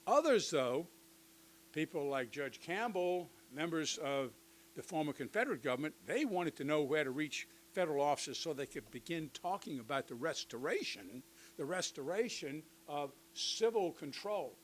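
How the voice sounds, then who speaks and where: An older man giving a conversational history lecture to teachers, with lively asides and touches of humor. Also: fairly high pitch, moderate pace, a little hiss or hum, rough recording. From United States.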